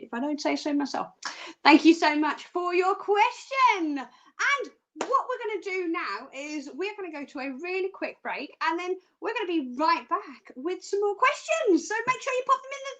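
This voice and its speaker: Casting note: woman hosting live psychic readings, high-pitched, chatty and playful, hums between thoughts. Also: sing-song, moderate pace, a bit bright. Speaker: psychic reader, host.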